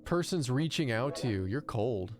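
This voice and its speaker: Lively, wry male game streamer. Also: mid-range voice, moderate pace, faint music behind. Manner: chatty, incredulous, mocks the game character; swears casually. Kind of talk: live gameplay commentary.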